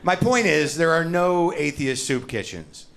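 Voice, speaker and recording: A man's voice: on the high side, lively intonation, unhurried, vocal fry, background noise. A man doing stand-up comedy, ranting in a sardonic, profane way.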